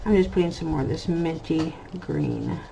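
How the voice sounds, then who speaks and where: An American woman in her thirties with a low, gravelly voice, rambling through family stories while she colours at her desk. She talks casually and easily, stopping now and then to narrate her shading. A faint hiss sits under her voice. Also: normal speed, mellow, low-quality recording. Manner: chatty, storytelling, drifts between anecdotes and narrating her work. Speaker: coloring channel host. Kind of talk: casual chat while coloring.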